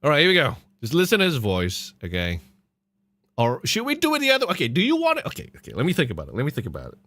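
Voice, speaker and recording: A man's voice: a little high, huge pitch swings, fast, fairly bright tone. A man hosting a podcast, reacting to clips with mocking laughter and swearing. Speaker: podcast host. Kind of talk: casual commentary on clips.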